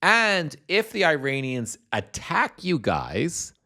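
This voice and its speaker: A man's voice: a little high, wildly swooping pitch, slow pace, bright, forceful tone. Profane, rambling male stream host. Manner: profane, rambling, with frequent restarts and asides. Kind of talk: casual political commentary livestream.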